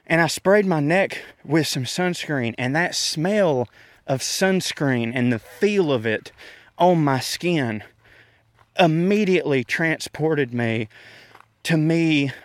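Walking outdoors in a park and slightly out of breath, a comedian podcast host rambles through a casual, self-deprecating rant, laughing frequently. His voice is fairly high and animated, his pace slow, with no room sound.

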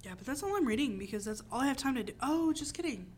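A woman's voice: sits high, lively intonation, quick pace, a little mellow, a little hiss or hum. A young woman co-hosting a casual podcast, ranting animatedly about books and films with exaggerated quoted reactions. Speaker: podcast co-host. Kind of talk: casual chat.

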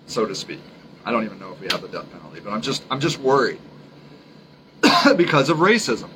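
A man's voice: medium pitch, background noise. Emphatic man in a solo podcast monologue. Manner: earnest, emphatic, repeats his points; halting, frequent restarts. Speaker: podcast host.

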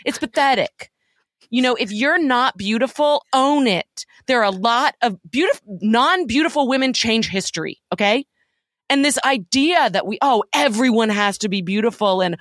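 A woman's voice: fairly high pitch, animated, normal speed, a bit bright, no room sound, studio quality. A woman co-hosting a podcast in casual chat, blunt and sardonic, swearing freely. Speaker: podcast co-host.

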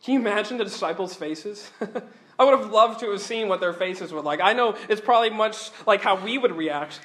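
A man preaching a sermon, earnest and animated, often repeating words as he goes. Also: high voice, moderate pace.

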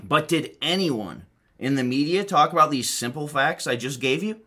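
A man's voice: on the high side, expressive, moderate pace, sharp tone. A man giving an opinionated political monologue, sarcastic and mocking. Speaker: political commentator.

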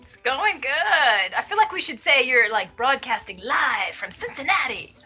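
A woman's voice: high voice, very animated, normal speed, bright, forceful tone, breathy edge, muffled recording, faint music behind. A woman co-hosting a podcast, teasing the others and laughing often. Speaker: podcast co-host. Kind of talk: casual podcast chat.

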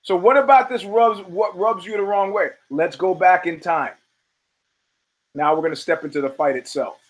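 A man's voice: high-pitched, moderate pace, low-quality recording. A male show host giving a blunt, rambling commentary monologue full of profanity and restarts.

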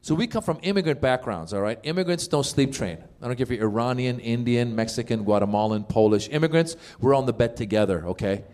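A middle-aged man from Iran doing a stand-up set at a live show, animated and acting out other people's voices in his stories. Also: medium pitch. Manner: animated, acts out voices of others, quick punchlines. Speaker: stand-up comedian. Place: live comedy show with audience.

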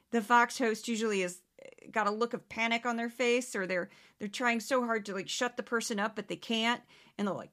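Woman, podcast host, bright voice, sarcastic, casual commentary. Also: on the high side. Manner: animated, sarcastic, mimics others in exaggerated voices.

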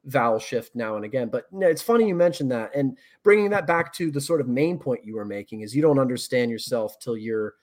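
Man from Northern Virginia, Mid-Atlantic accent, mid-pitched, articulate and a bit professorial, casual podcast talk. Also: expressive, fairly quick, hardly any pauses, a little mellow. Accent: Mid-Atlantic American. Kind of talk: casual conversation.

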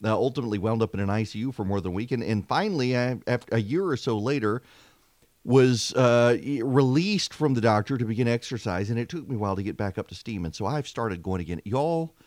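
A man's voice: mid-range voice, lively intonation, fairly quick, darkish tone, no echo. A man, hosting a casual, chatty political talk radio show with a self-deprecating manner. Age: 40s. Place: home studio, seated at a mic. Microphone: studio microphone.

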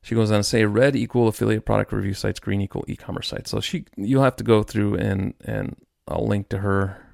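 A man's voice: lowish voice, steady tone, fairly quick, gravelly, few pauses, darkish tone, no room sound, clean studio sound. A man hosting his own podcast, ranting in a frustrated, rambling way with many restarts. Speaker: podcast host. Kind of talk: solo podcast rant.

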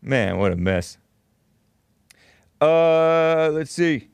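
A man's voice: a little high, lively intonation, very slow, gravelly, clean tone, dry recording. A man hosting a call-in talk show, arguing with and interrupting callers.

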